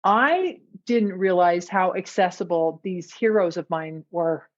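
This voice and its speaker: A woman's voice: on the low side, a little slow. A woman hosting a podcast who reflects thoughtfully and laughs often. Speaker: podcast host. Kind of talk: conversational interview. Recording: dull lo-fi sound.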